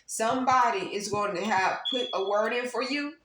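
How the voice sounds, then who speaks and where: A woman's voice: a little high, normal speed, a bit bright. A woman giving a casual tarot reading to her viewers, talking emphatically and repeating phrases for stress. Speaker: tarot reader. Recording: roomy echo, faint background noise.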